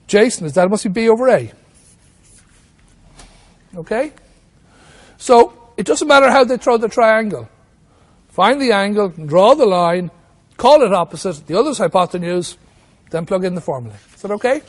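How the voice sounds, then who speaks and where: A man's voice: high voice, lively intonation, moderate pace, pauses often. A man teaching maths at a whiteboard, walking through each step and asking himself questions as he goes. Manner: talks through steps with rhetorical questions. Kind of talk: whiteboard lesson.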